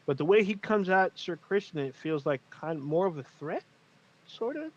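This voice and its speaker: A man's voice: a little high, brisk. Casual man, dull lo-fi stream audio. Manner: rambling, profane, animated retelling. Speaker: podcast co-host. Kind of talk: casual recap chat.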